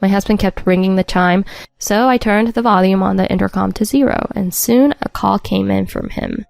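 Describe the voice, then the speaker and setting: A woman's voice: mid-range voice, normal speed, gravelly, darkish tone, dry recording, faint music behind. A woman narrating a first-person story in a wry, matter-of-fact scripted read.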